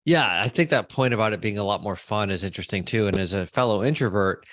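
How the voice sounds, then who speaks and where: A man hosting a podcast interview, relaxed and chatty with light jokes. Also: fairly low pitch, fast, dry recording, clean studio sound. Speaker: podcast host. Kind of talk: casual interview chat.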